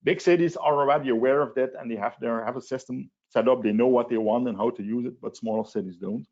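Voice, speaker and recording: Man at mid pitch, presenting a webinar, halting and repetitive, dull lo-fi call audio. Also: mellow. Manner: hesitant, many restarts and fillers. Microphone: video call.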